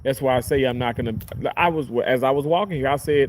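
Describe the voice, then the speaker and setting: Casual storyteller: young guy, surgical tech, lively and profane, mid-pitched everyday voice. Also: fast, a little hiss or hum. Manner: animated, chatty, swears casually.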